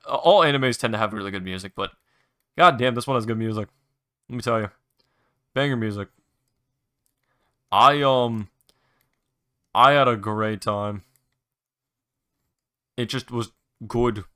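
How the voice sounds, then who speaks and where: A young man talking casually on his own show, drifting from topic to topic with frequent restarts and the odd curse. His voice is bright and forward, and his pitch sits in an ordinary middle range. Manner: rambling, restarts, mild swearing, enthusiastic recommendations. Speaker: podcast host. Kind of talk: casual solo chat.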